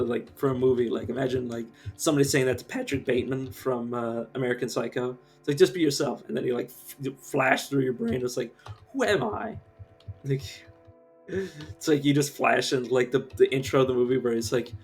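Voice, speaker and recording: A man streaming a game live, ranting casually with lots of swearing and filler words. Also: medium pitch. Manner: rambling rant, swears, many fillers. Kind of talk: casual live-stream commentary while gaming.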